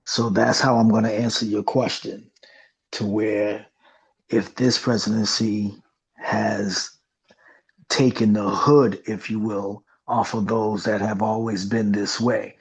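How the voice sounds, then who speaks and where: Slow, flat-toned man with a husky rasp, podcast panelist who pauses to find words. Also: fairly low pitch, poor audio. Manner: halting, searching for words. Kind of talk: casual discussion.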